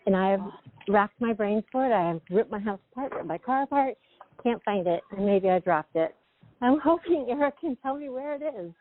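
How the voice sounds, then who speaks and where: A woman from California calling a radio show, talking in a hurried way. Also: a little high, lively intonation, dry recording. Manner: hurried, laughs often. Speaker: caller. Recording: tinny phone line.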